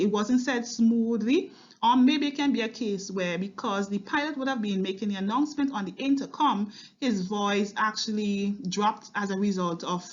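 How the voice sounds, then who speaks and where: The sound is lo-fi as a female English literature teacher with a medium-pitched voice gives a recorded poetry lesson for exam preparation. Going line by line, she keeps checking in with "okay?".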